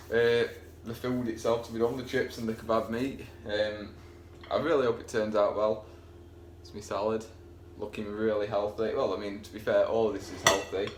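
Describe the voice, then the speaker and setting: A home cooking vlogger talks casually while he cooks in his kitchen, rambling and making fun of himself in a chatty way. His voice sits on the low side with a level tone and a moderate pace, and there's a slight hiss or hum in the recording.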